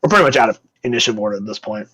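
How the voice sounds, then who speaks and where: A man's voice: fairly low pitch, steady tone, rapid-fire, sharp tone, slight background noise, rough recording. A young man running a tabletop game as game master, casual and loose, with lots of filler words and swearing.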